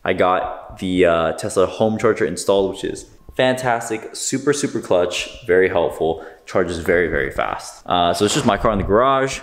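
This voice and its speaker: A man's voice: sits low, lively intonation, moderate pace, hardly any pauses, echoey room, slight background noise. A man in his twenties from Southern California gives a casual, upbeat home tour vlog, walking from room to room with lots of fillers. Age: 20s. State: a bit out of breath at times. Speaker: vlogger.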